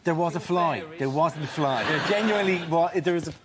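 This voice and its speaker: A man hosting a comedy panel show, bantering quickly with guests and laughing between jokes. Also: fairly high pitch. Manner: quick, joking, laughing asides. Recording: studio with loud audience.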